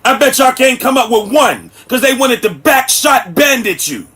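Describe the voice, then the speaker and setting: High-voiced man ranting at his live chat. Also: sing-song, moderate pace, bright, forceful tone, slightly rough. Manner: blunt, preachy, addresses chat directly. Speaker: livestream host. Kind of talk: ranting livestream commentary. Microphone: streaming setup mic.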